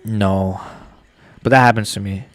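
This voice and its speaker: A young man with hiccups chatting casually on a live stream, reading viewers' messages aloud in relaxed slangy banter. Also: fairly low pitch, unhurried, dry recording. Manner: reads chat aloud, laid-back slangy banter. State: has the hiccups. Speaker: streamer reacting live to fights.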